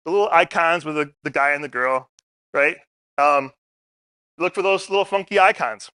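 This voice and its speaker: A man's voice: on the high side, moderate pace, sharp tone, clean tone, no room sound, studio quality. A middle-aged man speaking at a community forum, telling stories in a casual way and asking the audience questions. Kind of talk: public talk. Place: meeting room.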